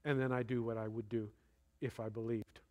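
A man preaching a sermon, slow and deliberate, rising now and then to emphatic bursts. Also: mid-range voice, level tone, a little mellow, muffled recording. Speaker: pastor.

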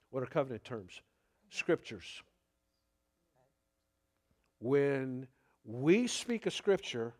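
A man preaching a sermon in an unhurried, conversational way, with fillers and the odd chuckle. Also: a little high. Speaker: pastor.

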